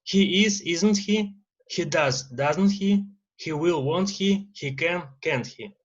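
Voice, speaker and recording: Russian-accented male teacher, dull recording. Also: a little high. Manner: lecturing with many uh fillers and pauses. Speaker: English teacher. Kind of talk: recorded grammar lesson.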